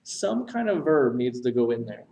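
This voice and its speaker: A man teaching essay structure, talking while he writes on a board and pausing to correct himself. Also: mid-range voice, very animated, gravelly, warm tone, distant mic, dull audio. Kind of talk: recorded writing lesson.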